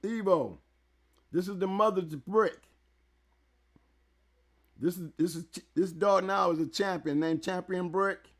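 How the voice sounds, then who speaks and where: Excitable man hosting, gravelly voice. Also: high-pitched, a little slow, long pauses. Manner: excitable, loud, repeats words. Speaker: talk show host. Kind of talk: casual interview talk. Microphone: handheld mic held close.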